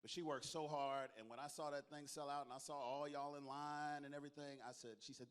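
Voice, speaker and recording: Onstage in a convention hall, a man acting as organizer delivers a lively closing speech full of jokes and stories, calling for applause from the crowd. He sounds a little high and steady, with a clean tone, talking fairly quickly and hardly pausing.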